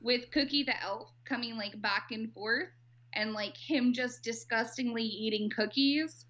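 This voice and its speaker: A woman's voice: fairly high pitch, fairly bright tone. A woman co-hosting a casual stream, giggling and swearing as she retells scenes. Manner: giggly, profane, quick retelling. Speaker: podcast co-host. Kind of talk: casual chat. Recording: dull lo-fi mic.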